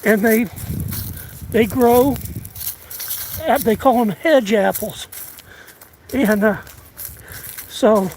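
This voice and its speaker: A breathless man talks slowly in a fairly high voice, drawling and stopping to catch his air between halting phrases. He is outdoors on open land, and loud wind roars over his phone mic. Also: poor audio. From United States. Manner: halting, drawling, many restarts and fillers. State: out of breath, winded. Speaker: live streamer. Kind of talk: casual live-stream chat while walking.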